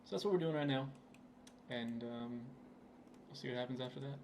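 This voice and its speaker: A man's voice: medium pitch, fairly quick, noisy background. A young man giving casual, rambling commentary over his gameplay, with plenty of fillers, recorded at his computer. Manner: laid-back, rambling, with frequent fillers. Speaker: gaming channel host.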